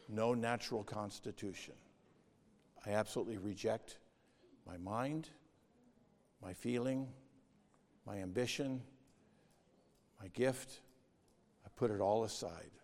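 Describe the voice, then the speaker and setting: A man preaching a sermon in a measured way, reading scripture and outline points and growing emphatic as he goes. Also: on the low side, a little mellow. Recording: long reverb of a hall.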